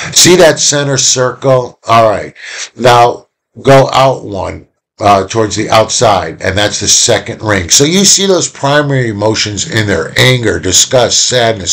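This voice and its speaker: A man's voice: mid-range voice, a bit bright. A man giving a casual recorded lecture from home, rambling and conversational with many fillers and restarts. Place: home room.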